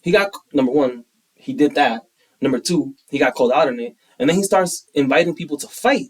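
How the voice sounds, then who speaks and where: A young man co-hosting a podcast in casual, opinionated chat, animated and quick to act out quotes. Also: fairly high pitch, slightly rough, far from the mic, low-quality recording. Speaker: podcast co-host.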